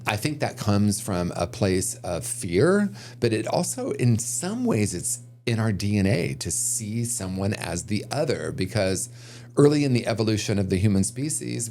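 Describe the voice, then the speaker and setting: A man's voice: fairly low pitch, mellow, slight background noise. A man speaking as a podcast guest on recovery, reflective and earnest, thinking aloud and often restarting his sentences. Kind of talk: conversational podcast interview.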